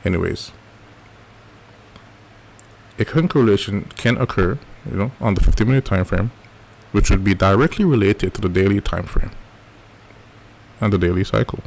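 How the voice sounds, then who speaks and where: A man's voice: lowish voice, moderate pace, vocal fry, long pauses, a little mellow, a little hiss or hum. A man teaching a live trading lesson in a casual coaching way, often checking in with "right?". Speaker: trading educator.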